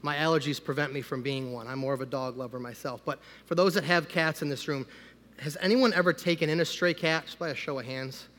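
Bright fairly high voiced guy preaching a sermon, chatty then fired up, big church reverb. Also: fairly quick. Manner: conversational, builds to loud emphatic preaching. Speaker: pastor. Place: church sanctuary. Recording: long hall reverb.

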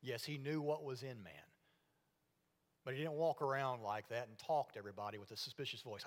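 A man preaching a sermon to his congregation, earnest and now and then dropping to a hushed voice for emphasis. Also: mid-range voice, steady tone, fairly quick. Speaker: pastor. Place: church sanctuary. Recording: long reverb of a church hall.

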